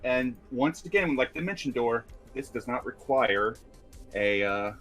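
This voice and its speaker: A man's voice: medium pitch, expressive, measured pace, a bit bright, faint music behind. A man playing in a tabletop game, describing his character's moves in third person, plain and matter-of-fact. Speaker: player.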